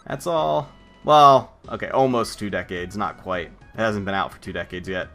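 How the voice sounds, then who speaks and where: Young man, casual game commentary, sarcastic and jokey, bright forceful voice, faint music behind. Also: on the low side, normal speed. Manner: sarcastic, jokey, talks back to game characters. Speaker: let's play commentator.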